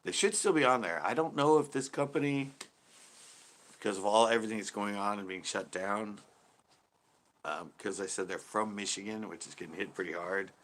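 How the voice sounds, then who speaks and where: A relaxed man chats with viewers on a late-night live stream, sounding a little worn out. His voice sits on the low side but comes across bright and forward, and he laughs softly and lets his sentences trail off. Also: moderate pace. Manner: laid-back, chuckles often, trails off mid-sentence. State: tired. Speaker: channel host reading live chat. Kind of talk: casual livestream chat.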